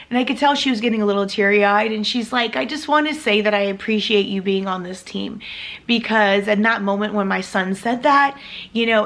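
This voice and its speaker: A woman's voice: medium pitch, a bit bright. A woman in her thirties, an adoptive mother, telling a heartfelt story to her vlog audience in a chatty way with lots of fillers. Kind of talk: casual storytelling to camera.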